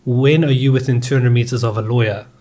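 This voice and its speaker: A man's voice: medium pitch, steady tone, quick pace, mellow. A man co-hosting a podcast in casual banter, putting the questions to the others and tripping over long words. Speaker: podcast co-host.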